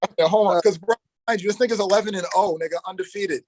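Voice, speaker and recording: A young man telling a long story as an interview guest, animated, in heavy street slang, and acting out the quoted dialogue. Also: high voice, fast talker, poor audio. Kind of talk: casual storytelling.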